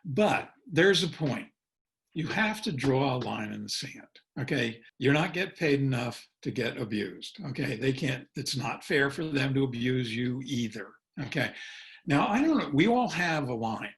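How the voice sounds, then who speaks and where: A man's voice: medium pitch, very animated, measured pace, fairly bright tone. A middle-aged man presenting a webinar as a consultant and educator, folksy and chuckling, punctuating his points with "okay?" and acting out sample phone dialogue.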